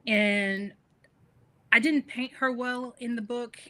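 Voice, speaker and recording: A middle-aged woman from the northern United States, a book author, chatting as a guest in an interview and telling stories with animated laughter. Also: a little high, takes it slowly. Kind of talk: casual interview conversation.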